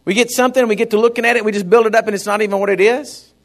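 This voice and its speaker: A man's voice: sits high, steady tone, racing. A man preaching a sermon, calling out to the congregation and acting out the people in his stories. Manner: calls out to the congregation, acts out stories in voices. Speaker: pastor.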